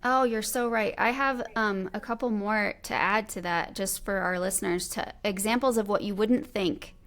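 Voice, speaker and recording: A woman in her thirties talks casually as a podcast host. Her voice carries a steady vocal fry at a middle pitch. She animatedly voices herself and her children as she tells stories. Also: normal speed. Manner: animated, quotes her kids and herself aloud. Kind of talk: casual conversational interview.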